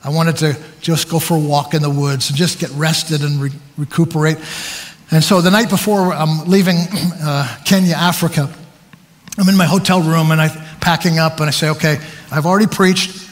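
A man preaching a sermon, telling stories about himself with animated, self-deprecating humor. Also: a little high, normal speed, big-room sound.

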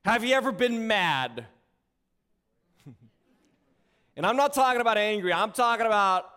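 A man's voice: extremely high pitch, unhurried, long pauses, clear, resonant tone. A man preaching a sermon as pastor, asking rhetorical questions and joking with the congregation in a church. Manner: animated, rhetorical questions, playful asides to the congregation. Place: church sanctuary.

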